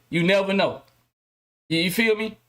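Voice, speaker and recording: A man's voice: high-pitched, unhurried, fairly bright tone. A man hosting his own podcast, ranting casually to viewers with loose slang, heavy cursing and frequent restarts. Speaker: podcast host.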